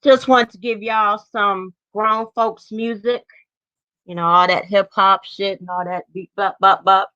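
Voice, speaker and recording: A woman's voice: medium pitch, flat delivery, measured pace, sharp tone, dry recording. A woman in her forties hosting her own livestream, talking bluntly and profanely in a drawling, casual way. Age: 40s. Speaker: livestream host. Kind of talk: casual live-stream chat. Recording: dry, slightly dull lo-fi stream audio.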